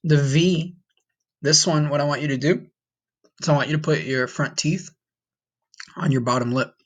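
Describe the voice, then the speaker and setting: A man's voice: on the high side, fairly even intonation, normal speed, dull audio. A man teaching a recorded Spanish lesson, patiently repeating each sound and encouraging the listener.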